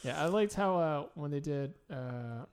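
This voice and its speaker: Hesitant man with a slightly high voice. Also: expressive, measured pace, a little mellow, clear, resonant tone. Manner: hesitant, searches for names. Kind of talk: casual chat.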